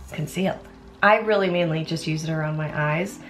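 Chatty American woman, slightly low voice. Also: a little fast, slight background noise. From United States. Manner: chatty, rambling, self-interrupting asides. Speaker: beauty vlogger. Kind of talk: casual chat while doing makeup.

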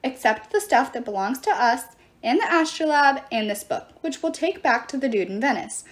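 A woman's voice: sits high, animated, moderate pace. A woman voicing a wisecracking teenage boy demigod in a storybook reading, joking and bargaining. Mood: scheming.

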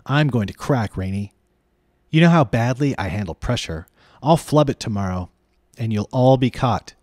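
A man's voice: mid-range voice, lively intonation, moderate pace, a little mellow, dry recording, clean studio sound, natural voice. A man reading aloud, voicing an anxious, frightened young boy who pleads and frets. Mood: fearful. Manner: trembling, pleading, fretful.

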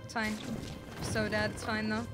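A woman streaming a video game, swearing and yelling in frustration, then muttering to herself. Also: medium pitch, completely flat delivery, normal speed, over loud music. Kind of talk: casual gameplay commentary.

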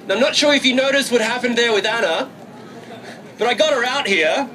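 A man from England working a crowd as a street performer, loud and cheeky, teasing and swearing for laughs. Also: extremely high pitch, a little fast. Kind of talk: street show patter to a crowd. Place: outdoor city square with a crowd. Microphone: far from the recording camera. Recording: distant voice over loud crowd noise. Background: loud crowd and street ambience.

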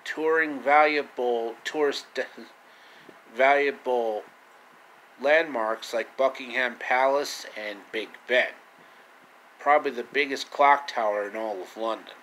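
Guy doing a jokey vlog story, crisp bright voice, middle pitch, kinda teasing. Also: slow pace, a little hiss or hum, rough recording. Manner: joking, self-mocking asides. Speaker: vlogger retelling a classic story. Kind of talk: casual comedic storytelling.

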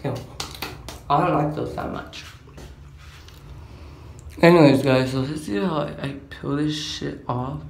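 Here the same kind of casual storytime comes from an eighteen-year-old male vlogger, slangy and rambling, with "like" sprinkled everywhere. He sounds a little high and creaky, with a darkish tone, speaking at a measured pace broken by long pauses. There's faint background hum and a roomy echo.

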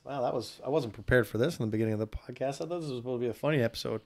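A man co-hosting a relaxed couple's podcast, chatting casually. He tells stories with growing animation, swears freely and laughs through his words. His voice sits at an ordinary middle pitch for a man. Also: very fast, vocal fry, few pauses. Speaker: podcast co-host. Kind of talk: casual chat.

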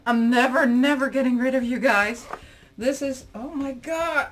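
A woman's voice: high voice, normal speed, faint music behind. A woman vlogger unboxing and reviewing dolls in casual chat, gushing, squealing and giggling over every item.

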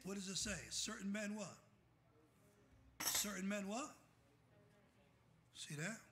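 High, bright-voiced preaching man. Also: a little hiss or hum. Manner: calls out "what?" for the congregation to fill in scripture; swings from shouting to soft and quiet. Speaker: pastor. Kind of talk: fiery sermon.

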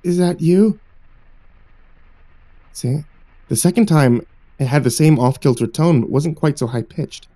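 A man narrating a horror story in a hushed, suspenseful storytelling manner. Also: mid-range voice, normal speed. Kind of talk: scripted narration.

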